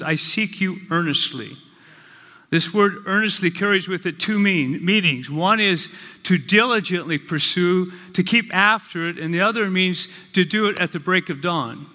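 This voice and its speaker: A male pastor preaching a sermon, with slow, earnest, emphatic phrases. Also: high-pitched, bright, forceful tone. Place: church sanctuary. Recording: long reverb of a large hall.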